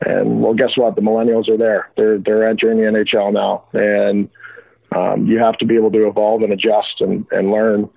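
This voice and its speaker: A man's voice: on the low side, flat delivery, moderate pace, no room sound. Man talking over a tinny phone line. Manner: reflective, many restarts and fillers. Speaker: guest, former pro hockey player. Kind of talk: casual interview chat. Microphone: phone call. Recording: dry, husky phone line.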